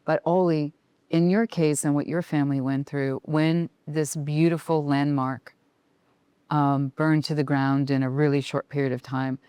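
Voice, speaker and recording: A woman's voice: low voice, fairly even intonation, a little slow, mellow, clear, resonant tone, no echo. A woman hosting a podcast interview, encouraging guests and chiming in often. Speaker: podcast host.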